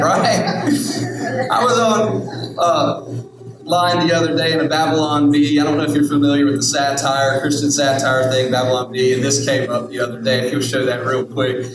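A man's voice: fairly high pitch, flat delivery, normal speed, noisy background. A male pastor preaching a sermon, emphatic and repetitive, often asking the crowd "right?". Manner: repetitive, emphatic, rhetorical questions. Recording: echoey hall, distant mic, music.

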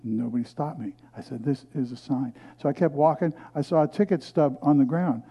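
A middle-aged male pastor preaching a sermon, telling a personal story and reading scripture loudly, then dropping to hushed asides. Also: fairly high pitch, a little fast, husky.

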